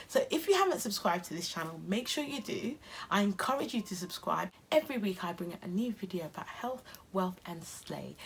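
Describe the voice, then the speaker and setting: A woman's voice: on the low side, a little hiss or hum. A young adult woman with an English accent, talking earnestly and encouragingly to camera in a self-care vlog. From England. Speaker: YouTuber.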